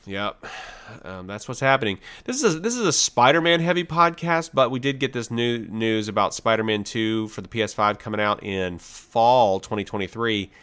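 A man's voice: fairly low pitch, animated, moderate pace, fairly bright tone, clean tone. A man co-hosting a podcast in casual chat, rambling with fillers and playing at being offended. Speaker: podcast co-host.

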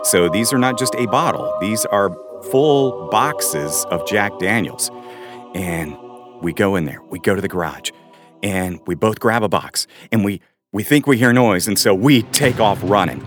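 A man co-hosting a podcast, telling a funny story in a casual, animated way. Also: measured pace, soft background music. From Arkansas, US. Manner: animated storyteller, voices his friends with a jump in pitch. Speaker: podcast co-host.

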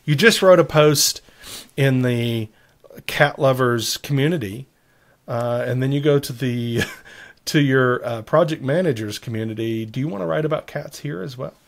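A man's voice: mid-range voice, normal speed, creaky. A man co-hosting a casual tech chat, explaining features at length with joking asides. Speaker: podcast co-host.

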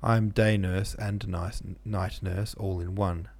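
A man's voice: low voice, fairly even intonation, slow pace, a little mellow, breathy edge, full character voice. A man voicing a cheerful, hearty young medical student who talks in a breezy, friendly way.

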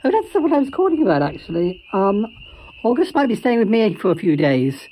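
A woman's voice: mid-range voice, sing-song, brisk, warm tone, husky, low-quality recording. A woman voicing a genteel caller in a comedy audio drama, who calls everyone darling and dear. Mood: fond. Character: genteel, fond woman calling on the phone.

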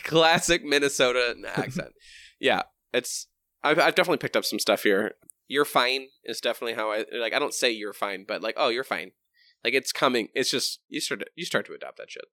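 A man's voice: medium pitch, animated, fast, pushed and bright. A man from New Hampshire co-hosting a podcast, chatting loosely, swearing and laughing often. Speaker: podcast co-host. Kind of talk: casual chat.

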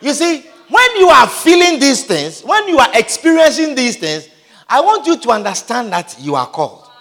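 Animated preacher in an echoing hall. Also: male voice, very high-pitched, normal speed. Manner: repeats lines and asks the crowd if they understand. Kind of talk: sermon. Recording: long hall reverb.

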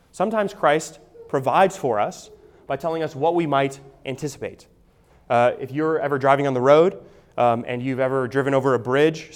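A man delivers an expository sermon at a middle pitch. He teaches conversationally, restarting phrases and checking in with his listeners. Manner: conversational teaching, frequent restarts, asks "right?". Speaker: pastor.

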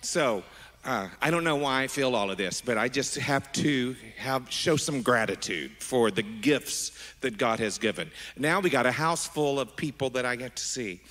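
A middle-aged man preaching as a pastor, animated and affectionate, wandering into asides with his congregation. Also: mid-range voice, moderate pace. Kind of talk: sermon. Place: large church sanctuary. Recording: long hall reverb.

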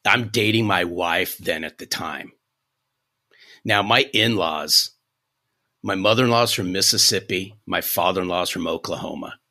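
A man in his fifties, a sales coach guest on a podcast, telling a story in an animated, folksy way. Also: low-pitched, a little slow. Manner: animated, restarts sentences, folksy.

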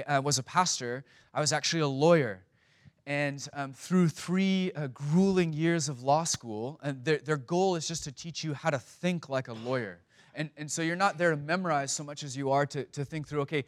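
Man preaching with stammered restarts. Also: on the high side. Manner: conversational, frequent stammered restarts. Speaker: pastor. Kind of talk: sermon.

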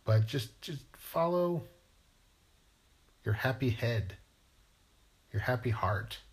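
A man's voice: fairly low pitch, steady tone, slow pace. A man, a writer, musing playfully in a rambling monologue and asking himself questions aloud.

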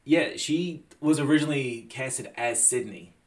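A man's voice: mid-range voice, unhurried. A man, loose, swearing podcast co-host. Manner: loose, profane, jokey, acts out quotes. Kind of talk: casual chat.

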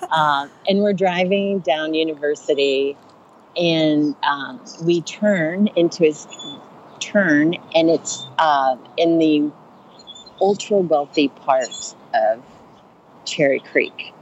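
A woman comedian telling a funny story on a podcast, chatty and animated, acting out the voices of the people in it. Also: sits low, takes it slowly, muffled recording, slight background noise. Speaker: stand-up comedian and rideshare driver.

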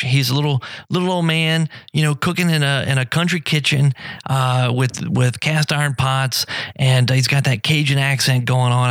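Middle-aged male radio host, gravelly, dry studio sound, loose rambling chat. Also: medium pitch, dry recording. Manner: rambling, friendly, many fillers and restarts. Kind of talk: casual live radio talk.

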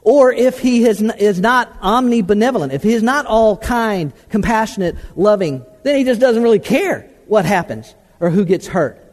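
A man preaching a teaching sermon, halting with many hesitations and repeated words, then pressing his points emphatically. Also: high-pitched, a little mellow, big-room sound. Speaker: preacher teaching a class on the problem of evil. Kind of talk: sermon-style teaching talk.

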